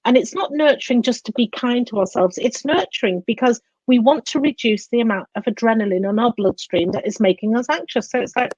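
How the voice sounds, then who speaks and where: Animated woman explaining as a therapist. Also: on the high side, brisk, few pauses, dry recording, low-quality recording. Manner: animated, acts out inner voices. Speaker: guest, coach and psychotherapist. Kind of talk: explanatory interview talk.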